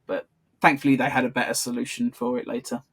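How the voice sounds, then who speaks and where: A man co-hosting a relaxed episode commentary, talking in a medium-pitched voice. He chats freely, drifts off topic, and laughs often between his points. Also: quick pace, slightly rough. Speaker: podcast co-host. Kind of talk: casual commentary chat.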